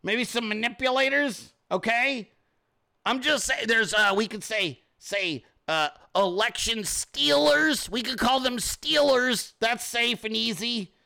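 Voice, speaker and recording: Speaking in a very high voice with vocal fry, a livestream host tears through an unscripted political rant, fast and profane. He stays animated and sometimes shouts while acting out scenarios.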